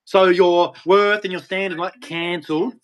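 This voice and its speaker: A man's voice: high-pitched, steady tone, normal speed, lo-fi sound. Man ranting and swearing at clips. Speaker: reaction video host. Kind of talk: angry reaction commentary.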